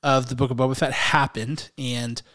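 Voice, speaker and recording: A man's voice: medium pitch, flat delivery, moderate pace, a bit bright. A man co-hosting a casual movie-news podcast, chatty and rambling, who often restarts his sentences and laughs easily. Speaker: podcast co-host.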